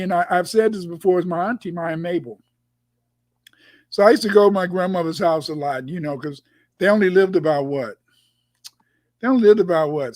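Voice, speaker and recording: High-voiced man, rambling storyteller. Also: darkish tone, no room sound. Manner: rambling, repeats words, storytelling. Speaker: guest commentator. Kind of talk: casual conversation. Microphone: video call.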